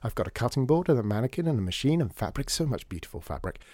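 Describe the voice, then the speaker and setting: A man's voice: medium pitch, big pitch swings, rapid-fire, mellow, no echo, studio quality. A man voicing a chatty, flighty young woman who studies fashion, talking in a gushing, rambling way. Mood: eager. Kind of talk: audiobook character voice.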